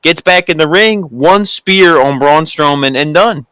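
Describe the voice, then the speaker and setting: A man co-hosting a casual wrestling review show, joking and mimicking commentators and wrestlers in quick asides. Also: a little high, sharp tone, clear, resonant tone, no echo, low-quality recording. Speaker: podcast co-host.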